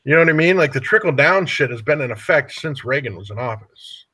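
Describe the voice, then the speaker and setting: A man's voice: medium pitch, lively intonation, a little fast, bright, forceful tone, slightly rough. Casual male podcast host, rambling and foul-mouthed. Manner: profane, rambling, drops "dude" often. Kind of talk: casual political chat.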